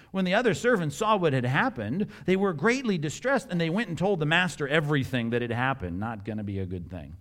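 A middle-aged man preaching a sermon in an animated, conversational way, with jokes and asides and acted-out scripture dialogue. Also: a little high, fairly quick. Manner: acts out scripture dialogue in varied voices. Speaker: pastor.

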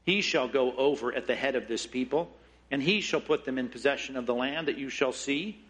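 Bright, expressive male preacher. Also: brisk, breathy edge. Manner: expressive, acts out scripture quotes with shifting pitch and pace. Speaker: pastor. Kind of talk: sermon.

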